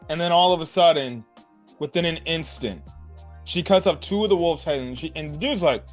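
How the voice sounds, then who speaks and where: A man with a slightly high-pitched voice talks through an anime episode in a loose, rambling recap. His speech is slangy and full of filler words, and soft music plays faintly underneath. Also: moderate pace. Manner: slangy, rambling, keeps adding "like", "bro" and "right". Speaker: anime reviewer.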